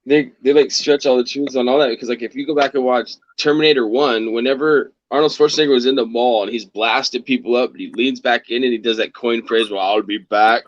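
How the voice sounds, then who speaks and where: Male stream guest, rambling and offhand, mid-pitched, muffled lo-fi audio. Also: fairly even intonation, fast, hardly any pauses, no room sound. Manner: rambling, swears then apologizes. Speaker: guest on a livestream. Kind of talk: casual chat.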